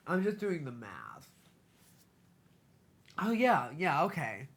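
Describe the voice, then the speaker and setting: A young woman giving a casual TV episode recap, talking fast and slangy, swearing freely and saying "like" a lot. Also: low voice, big pitch swings, soft background music. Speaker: TV recap vlogger.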